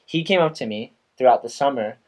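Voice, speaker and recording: Young male podcast host, casual, swears a lot, lively storyteller. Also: mid-range voice, brisk. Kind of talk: casual chat.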